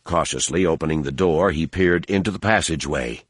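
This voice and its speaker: This male audiobook narrator has a low voice and reads scripted narration with steady, measured storytelling. The recording is dry and of studio quality.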